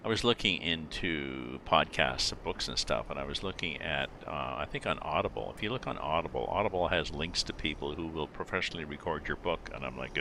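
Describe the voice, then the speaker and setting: A middle-aged man streaming a driving game, chatting casually with his viewers and rambling as he thinks aloud with lots of fillers. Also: very deep voice. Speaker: livestreamer playing a driving game. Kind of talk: casual chat with live viewers. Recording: game vehicle noise underneath. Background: truck engine and road sounds from the game.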